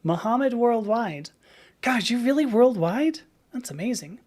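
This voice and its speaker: A woman's voice: a little high, animated, measured pace, a little mellow. Rambling middle-aged woman live-streaming. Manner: rambling, chatty, laughs at herself, reads out chat. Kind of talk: casual live-stream chat with viewers. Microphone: webcam.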